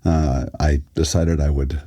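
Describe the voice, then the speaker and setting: A man, an actor and audiobook narrator, telling relaxed stories as a guest in a casual interview. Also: extremely low pitch, measured pace, breathy edge. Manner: relaxed anecdotal storytelling with fillers.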